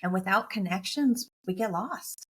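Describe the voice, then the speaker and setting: American woman coach telling her story, earnest and emotional, mid pitch, keeps repeating phrases. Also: expressive, normal speed, a bit bright, slightly rough. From United States. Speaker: guest, motivational speaker and coach. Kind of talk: heartfelt personal storytelling in an interview.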